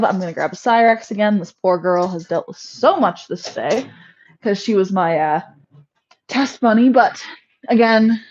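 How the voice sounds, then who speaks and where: A chatty woman hosts a casual homestead livestream and laughs at her own mishaps. Her pitch is mid-range with a darkish tone, and the audio is a little dull and lo-fi.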